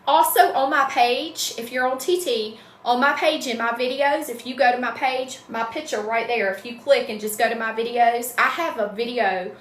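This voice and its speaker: Southern woman, middle-aged, bright-pitched, chatty livestream host in an echoey room with faint hum. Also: moderate pace, hardly any pauses. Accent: Southern American. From Southern US, North Carolina. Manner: chatty, greets viewers by name, says y'all. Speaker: wreath-making livestream host. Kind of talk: casual livestream chat.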